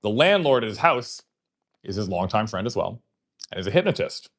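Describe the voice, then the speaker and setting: A livestream host with a lowish voice and big pitch swings speaks briskly through a long, casual story. He rambles, fills it with fillers and swearing, and acts out conversations he remembers.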